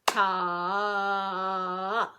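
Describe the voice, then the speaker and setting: A middle-aged woman teaching an online music lesson to children, playful and animated, cheering the class on. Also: medium pitch, very slow, noisy background.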